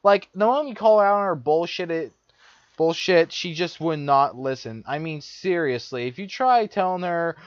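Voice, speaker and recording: A man's voice: a little high, expressive, normal speed, no echo. A young man vlogger telling a personal story in a profane, repetitive, exasperated rant. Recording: dull lo-fi dry recording.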